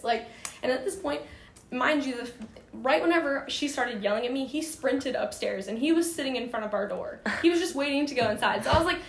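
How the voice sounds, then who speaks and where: A young woman casually telling a story, animated and full of fillers, acting out quoted dialogue. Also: high voice, brisk. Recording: roomy echo with faint background noise.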